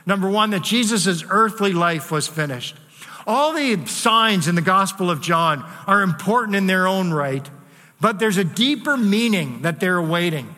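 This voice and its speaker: A man preaching a sermon in an earnest way, slowing and softening his voice for key words. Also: sits high, lively intonation, big-room sound. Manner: earnest preaching with dramatic pauses and softened quotes. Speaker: pastor.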